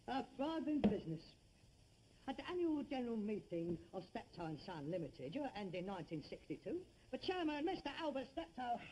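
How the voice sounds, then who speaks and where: A man's voice: extremely high pitch, noisy background. A man with a London Cockney accent playing Harold, a weary, sarcastic rag-and-bone son in a 1960s TV sitcom, swinging between mock grandeur and despair. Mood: sardonic. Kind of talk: 1960s television sitcom acting.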